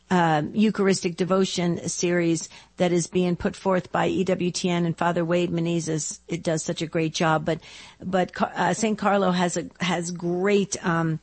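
A woman hosting a Catholic call-in radio show, encouraging and gently probing as she talks with callers. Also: on the low side.

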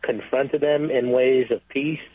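A man calling in to a radio show, speaking earnestly and haltingly, often repeating himself. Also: medium pitch, steady tone, slightly rough, no echo. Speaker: caller. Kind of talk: call-in radio testimony. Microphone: phone. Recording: tinny phone line.

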